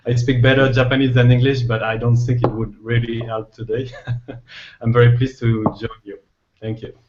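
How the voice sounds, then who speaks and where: A man with a French accent introduces himself on an online call, apologetic and quick to laugh. The audio is dull and lo-fi. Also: mid-range voice, little pitch movement, darkish tone. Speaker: teacher guest.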